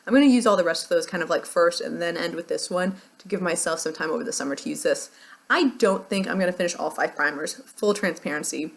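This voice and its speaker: A woman's voice: fairly low pitch, fast talker, gravelly. An American woman talking casually through a beauty project, chatty and rambling with frequent laughs. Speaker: beauty vlogger. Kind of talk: casual product chat.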